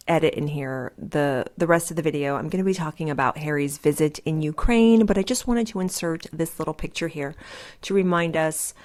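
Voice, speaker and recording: An American woman talks straight to her viewers in a casual commentary vlog, seated at home. Her voice is on the low side for a woman, and her chat swings between gushing praise and snark. She keeps it loose and conversational. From United States. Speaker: YouTube commentary host.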